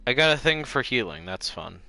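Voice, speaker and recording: A man's voice: mid-range voice, very animated, brisk, gravelly, pushed and bright, no room sound. A man streaming a game, chatting casually and self-mockingly, swearing now and then, and reading game text aloud.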